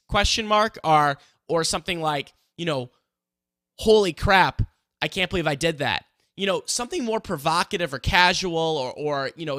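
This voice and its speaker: An upbeat man in his thirties talks through a relaxed mini lesson, peppering it with "right?" and "you know". His voice sits a bit high and comes across bright and forceful. The recording is dry, with no room sound. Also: dry recording. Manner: energetic, conversational, many fillers and rhetorical questions. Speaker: host teaching online marketing. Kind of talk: casual mini lesson to an audience.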